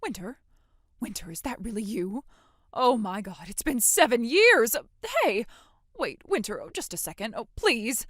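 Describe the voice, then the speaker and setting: A woman's voice: on the high side, very animated, measured pace, fairly bright tone, full character voice. An actress voicing a cold, scornful mother who later turns gushing and pushy in a dramatic story. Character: cold, scornful, manipulative middle-aged mother.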